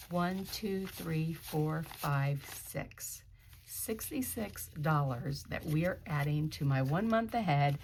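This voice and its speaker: Female budgeting vlogger, slightly low voice, gentle counting and encouraging chat, faint background noise. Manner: counts bills aloud softly, then gets emotional and encouraging. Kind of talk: casual budgeting vlog, counting cash.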